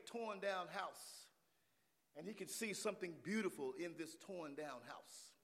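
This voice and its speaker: High, lively preacher man shouting in a hall. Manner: builds from talk to shouting, call and response. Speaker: pastor. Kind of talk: sermon.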